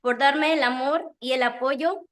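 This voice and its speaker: A woman whose first language is Spanish gives a prepared graduation speech, nervous and emotional, reading with pauses. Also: high-pitched, fairly bright tone.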